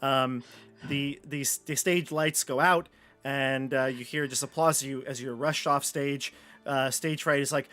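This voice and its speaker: A man's voice: mid-range voice, steady tone, unhurried, a bit bright, soft background music. A man narrating as game master of a live tabletop game, casual and chatty with fillers.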